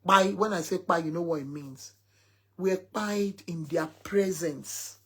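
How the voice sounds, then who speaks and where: Husky-voiced woman, mother telling a story to her followers with emphasis, quoting her son. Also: fairly low pitch, takes it slowly. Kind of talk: casual talk to followers.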